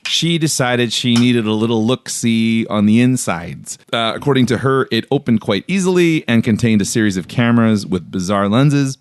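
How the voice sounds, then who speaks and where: A playful man narrating a story for a comedy podcast. He speaks at an ordinary pitch, and his voice sits close and dry with no room around it. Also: moderate pace, hardly any pauses, clean tone, no room sound. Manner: playful, animated. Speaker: podcast host.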